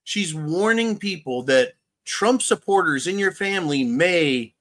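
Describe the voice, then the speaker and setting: A man's voice: sits high, lively intonation, unhurried, fairly bright tone. A man hosting a casual political commentary livestream, rambling and sarcastic as he reads viewer chat. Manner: rambling and sarcastic, with chuckles and mocking asides. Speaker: livestream show host reading viewer chat.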